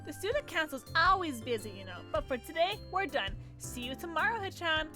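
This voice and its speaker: A woman's voice: big pitch swings, brisk, over music. A woman voicing a cheerful, exuberant teenage schoolgirl while reading a visual novel aloud. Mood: bubbly. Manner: high, sing-song and exuberant.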